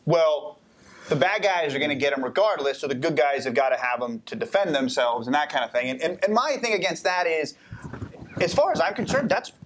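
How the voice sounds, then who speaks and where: A man chatting casually on a podcast, rambling through his points with frequent restarts and fillers. His voice sits a little high. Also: animated, fairly quick, a bit bright, slight background noise. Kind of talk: casual chat.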